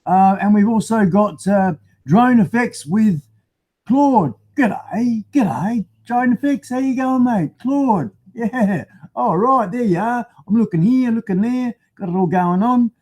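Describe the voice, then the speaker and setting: A man's voice: high-pitched, animated, takes it slowly, a little mellow. An Australian man hosting a casual live stream, chatty and matey as he greets viewers by name. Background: faint music.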